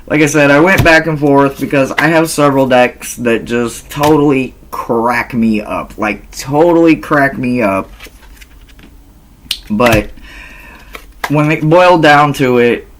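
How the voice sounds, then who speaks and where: Slow, laughing, foul-mouthed man. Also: medium pitch, a little hiss or hum. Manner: animated, laughs often, swears freely; slow, drawn-out delivery. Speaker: tarot reader. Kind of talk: casual vlog chat.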